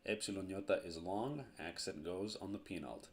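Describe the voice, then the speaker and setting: A man teaching a grammar lesson at a board, slow and deliberate, repeating each verb form. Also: sits low.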